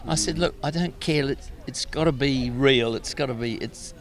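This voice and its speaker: A man's voice: mid-range voice, moderate pace. An older Australian man, a guest musician, telling anecdotes in a casual outdoor interview and laughing at himself.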